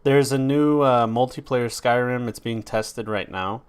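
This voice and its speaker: A man's voice: medium pitch, a little slow, smooth. A man hosting a podcast, chatting casually and rambling with lots of filler words and the odd swear. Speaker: podcast host. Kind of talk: casual chat.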